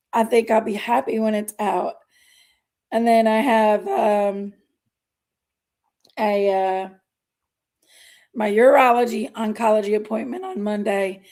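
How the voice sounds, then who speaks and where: Gravelly-voiced woman, emotional. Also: fairly high pitch, warm tone. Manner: emotional, halting, sighing between phrases. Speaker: livestream host. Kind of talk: casual livestream chat.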